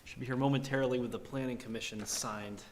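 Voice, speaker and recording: A man giving a casual, halting report to a town board at a public meeting. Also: mid-range voice, fairly even intonation. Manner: casual, hesitant with many fillers. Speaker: town manager. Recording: echoey hall with background noise.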